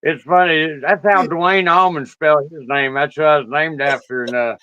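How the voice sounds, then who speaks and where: Middle-aged man, country singer guest, drawling and easygoing, bright forceful tone, dull dry remote-call sound. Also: fairly high pitch, steady tone, moderate pace, smooth, dry recording. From United States. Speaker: country music artist guest. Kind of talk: casual interview chat.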